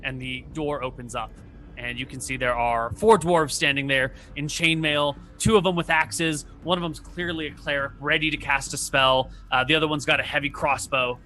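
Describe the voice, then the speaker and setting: A game master narrates a tabletop session in a relaxed, descriptive way. He speaks in a slightly raised, bright voice, with faint music beneath. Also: fairly high pitch, moderate pace.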